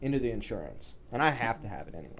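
A man's voice: lowish voice, very animated, rapid-fire, a bit bright, slight background noise. A man co-hosting a podcast, arguing his point in casual, profane banter. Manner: argumentative, explains with hypotheticals. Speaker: podcast co-host.

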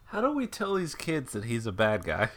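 A man's voice: medium pitch, wildly swooping pitch, moderate pace. A man co-hosting a podcast, throwing in jokey asides. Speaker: podcast co-host. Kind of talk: casual chat.

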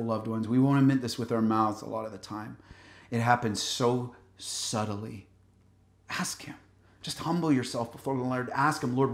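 A male pastor preaching a sermon, earnestly exhorting his listeners and often calling them loved ones. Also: medium pitch. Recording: roomy echo.

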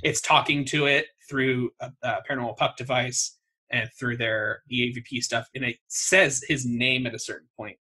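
Co-hosting a laid-back chat show, a man recounts a story with dry humor, cursing openly and laughing at himself. His mid-range voice is steady and sharp in tone, slightly rough, at a normal speed.

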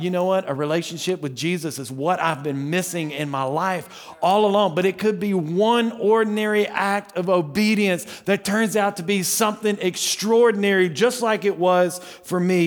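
Conversational pastor preaching a fiery evening sermon. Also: male voice, big-room sound. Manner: conversational preaching with rhetorical questions; swings between loud emphatic lines and quiet low asides. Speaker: lead pastor. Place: church service before a congregation.

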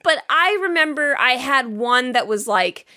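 A woman in her thirties co-hosting a movie podcast, chatty and quick in casual conversation. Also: high-pitched, animated, pushed and bright. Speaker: podcast co-host. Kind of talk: casual chat.

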